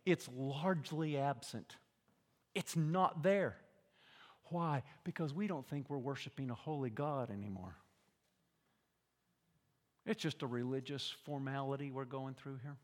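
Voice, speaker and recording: An older man preaching a sermon as a pastor, with dramatic swings from hushed, quiet lines to loud shouting. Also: medium pitch, in a large hall.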